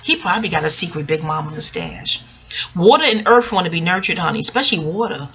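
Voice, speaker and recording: A woman's voice: fairly low pitch, lively intonation, quick pace, fairly bright tone, breathy edge. A woman giving a casual, rambling TV episode review, joking and scattered, with frequent asides and free swearing. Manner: swears freely. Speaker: TV recap vlogger.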